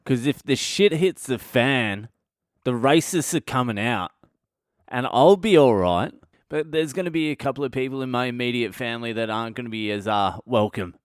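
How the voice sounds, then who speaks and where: A man's voice: mid-range voice, normal speed, dry recording, clean studio sound. A man in his thirties with an Australian accent, hosting a podcast and telling a blunt, profane, self-mocking comic story. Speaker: comedian podcast host.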